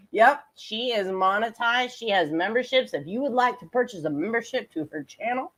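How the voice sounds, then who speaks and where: A woman streamer mocks a clip in a high, lively voice. She talks slowly and sarcastically, giggling and swearing as she goes. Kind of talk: casual livestream commentary.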